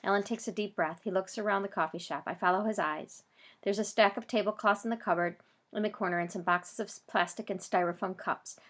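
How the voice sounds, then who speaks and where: A woman reads a first-person audiobook with a bright, forceful voice. She voices each character herself and raises her voice sharply when someone shouts. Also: medium pitch, steady tone, fairly quick. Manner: voices characters, loud bursts for shouted lines. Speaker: audiobook narrator.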